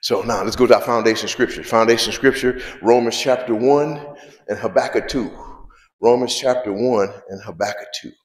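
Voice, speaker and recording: A man's voice: mid-range voice, normal speed, roomy sound. A male pastor preaching a sermon, repeating key phrases and asking the congregation questions. He talks in an informal, conversational way. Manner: preaching with call-and-response questions and repetition; informal spoken grammar, drops verbs.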